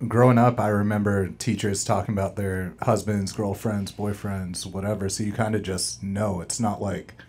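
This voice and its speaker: A man who used to teach, speaking calmly and reflectively in casual chat. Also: on the low side, normal speed, hardly any pauses, breathy edge. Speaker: guest, former teacher.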